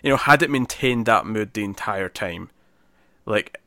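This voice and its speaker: A man co-hosting a casual podcast, chatting through a film review with lots of restarts and animated emphasis. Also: on the low side, unhurried, no echo. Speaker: podcast co-host.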